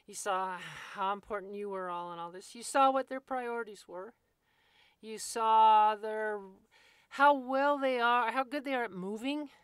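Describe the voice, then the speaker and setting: A woman's voice: on the high side, fairly bright tone, smooth, no echo. A woman walking listeners through a scene step by step in a vivid, folksy teaching manner, speaking to them as "you". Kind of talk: guided walkthrough talk.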